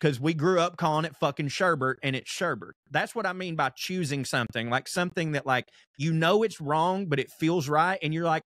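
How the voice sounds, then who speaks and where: Animated swearing man, dry sound. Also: a little high, a little fast, few pauses, no room sound. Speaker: podcast co-host. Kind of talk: casual chat.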